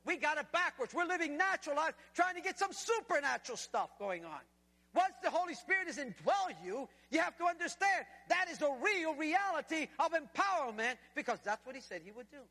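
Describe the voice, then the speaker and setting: A man preaching a sermon in an animated way, swinging between loud and hushed delivery. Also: very high-pitched, a little fast. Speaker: guest preacher. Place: church sanctuary. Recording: church hall reverb.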